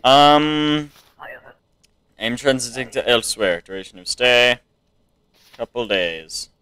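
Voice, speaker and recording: A man's voice: medium pitch, slow, sharp tone. An American man casually commenting to himself while playing a video game. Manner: musing, talking to himself. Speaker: gamer. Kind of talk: let's play commentary.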